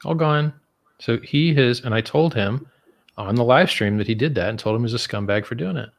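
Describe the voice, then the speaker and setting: A man talking as a guest on a live stream, animated and profane, laughing at how absurd things get. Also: medium pitch, normal speed, vocal fry. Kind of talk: casual chat on a live stream.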